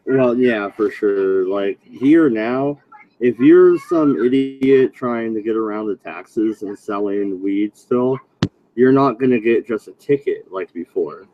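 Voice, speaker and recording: A man's voice: on the low side, expressive, slow pace, dull audio, a little hiss or hum. A man in casual chat on a voice call, laid-back, swearing and laughing at his own stories. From Oregon, USA.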